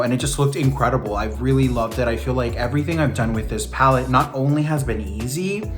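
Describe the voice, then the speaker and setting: A young man reviewing a makeup palette in a sassy, animated way, full of campy slang, with playful swoops up in pitch. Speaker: beauty vlogger.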